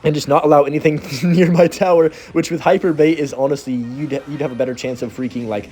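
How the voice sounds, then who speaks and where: Young guy doing fast hyped game commentary, kinda mellow dark voice, close mic. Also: a little high. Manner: excitable, talks fast and reacts loudly to the play. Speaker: gaming video creator. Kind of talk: live gameplay commentary.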